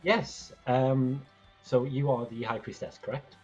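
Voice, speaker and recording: A man's voice: medium pitch, steady tone, measured pace, darkish tone, breathy edge, soft background music. A man playing in an online game over voice chat, hesitant and full of "um", explaining himself carefully. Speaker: player. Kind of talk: casual voice chat. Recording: dull lo-fi voice chat mic.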